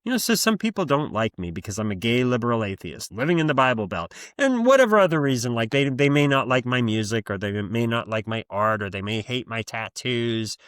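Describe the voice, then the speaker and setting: A man's voice: mid-range voice, big pitch swings, fairly quick, few pauses, a bit bright, no echo, studio quality. A man hosting his own podcast in a casual, rambling monologue, blunt and freely profane. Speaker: podcast host.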